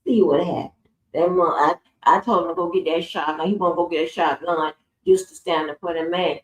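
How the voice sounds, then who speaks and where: This stream host is a woman spinning profane, laugh-filled stories on a relaxed livestream. Her lowish voice runs a little fast with mostly even intonation, captured in a roomy space at a distance from the mic, with slight background noise.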